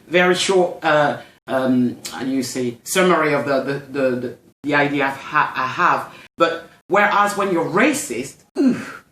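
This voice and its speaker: French-accented woman, halting and roomy. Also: deep voice, a bit bright, slight background noise. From France. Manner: hesitant, searching for words, many restarts. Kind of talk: casual discussion.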